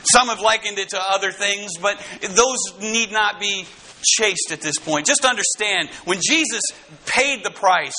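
A man preaching a sermon to his congregation, dramatic, swinging from loud emphasis to hushed tones. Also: high-pitched, a little slow, a little hiss or hum, poor audio. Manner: speaks straight to the congregation.

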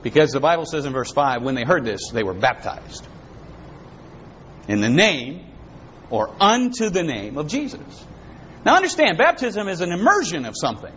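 A man with a high-pitched voice delivers a sermon, swinging from loud, dramatic lines to quiet, hushed ones. The recording is dull and lo-fi, with a faint hiss behind it. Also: big pitch swings, moderate pace. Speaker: pastor.

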